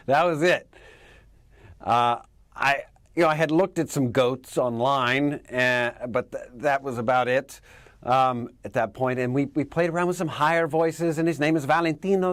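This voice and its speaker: A male actor answers interview questions animatedly, laughing often and slipping into character voices. His voice is mid-range, his pace moderate, and there's no room sound.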